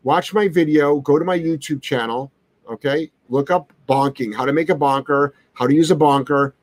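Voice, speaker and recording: A man's voice: on the high side, moderate pace, no room sound. A man who trains dogs, hosting a live question-and-answer stream, talking in a blunt, brash and sarcastic way. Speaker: dog trainer, show host.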